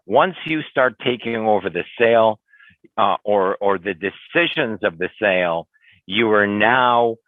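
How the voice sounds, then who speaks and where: A man's voice: fairly low pitch, no echo. An older man giving an earnest webinar talk as a real estate sales coach, lecturing and often acting out what clients and agents say. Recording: tinny phone-like dry webinar audio.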